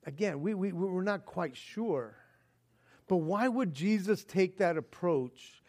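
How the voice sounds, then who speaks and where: A male preacher with a high voice for a man works through a sermon like a story. He throws out incredulous rhetorical questions and chuckles, then settles into quiet, reflective passages.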